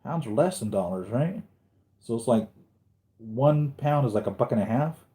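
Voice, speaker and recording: Mellow-voiced man chatting on a live stream. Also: medium pitch, animated, moderate pace. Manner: rambling, thinks aloud, corrects himself; reads and answers viewer comments. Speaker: collectibles channel host. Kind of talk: casual live-stream chat.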